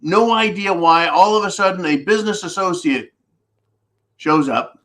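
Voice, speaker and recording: Fired-up ranting man with a higher voice. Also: normal speed. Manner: animated, ranting and profane. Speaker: host of a preparedness channel. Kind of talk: live-stream commentary.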